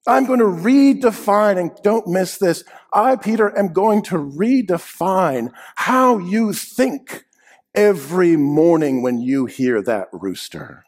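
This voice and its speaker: A man preaching a sermon, swinging between loud emphatic lines and hushed quiet ones, with dry humorous asides. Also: high-pitched, lively intonation, takes it slowly.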